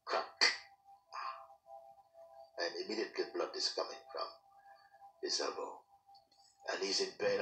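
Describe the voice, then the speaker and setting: A man telling a spoken parable as a teacher, in a lively way that acts out the people in his story and adds sound effects. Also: on the low side, measured pace, pauses often, far from the mic, background noise. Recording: echoey room, speaker off-mic.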